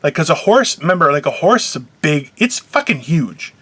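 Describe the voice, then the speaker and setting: A man co-hosting a casual podcast, swearing a lot and breaking into playful mock yelling. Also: on the high side, big pitch swings, normal speed, slightly rough. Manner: profane, mock-yelling rants. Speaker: co-host.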